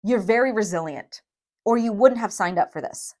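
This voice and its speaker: A woman giving a tarot reading to viewers, emphatic and emotional, often checking in with a quick "okay?". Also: mid-range voice, darkish tone. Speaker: tarot reader.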